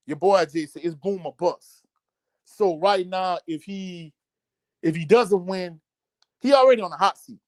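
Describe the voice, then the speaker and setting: A man hosts a relaxed sports live stream, reading out viewer comments and chuckling often. His voice sits a little high for a man. The sound is close and dry, with no room around it. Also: no room sound. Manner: laid-back, laughs often, many fillers. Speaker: sports show host.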